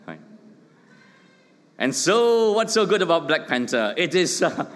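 A middle-aged man preaches a sermon, pressing his points and tossing in joking asides. His voice sits a little high and swings widely. The sound carries a long reverb from a large church hall. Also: very animated, a little slow, fairly bright tone. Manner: emphatic preaching with rhetorical questions and joking asides. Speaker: pastor.

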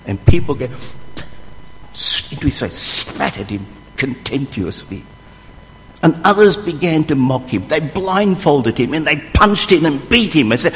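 A man preaching a sermon, telling the story vividly and acting out the voices of the people in it. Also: mid-range voice. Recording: long hall reverb.

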